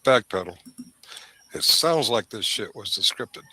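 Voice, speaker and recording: A man's voice: medium pitch, expressive, a little slow, bright, forceful tone, slightly rough, dry recording. A man hosting a live stream, with rambling, sarcastic commentary into a desk microphone. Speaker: stream host.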